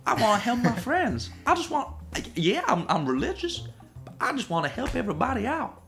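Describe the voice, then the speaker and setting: A man's voice: extremely high pitch, big pitch swings, fairly quick, a bit bright, faint music behind, pitched above the performer's own voice, exaggerated voice. A man doing a put-on accent for an impression of an earnest young soldier who is eager to help everyone. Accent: put-on foreign accent.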